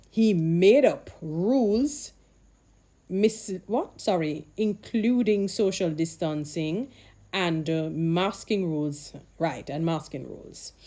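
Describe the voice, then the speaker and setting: A woman talking casually to camera in a warm, fairly low voice. She rambles and restarts, turns aside to her viewers, and drops in dry, sarcastic humor. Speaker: vlogger.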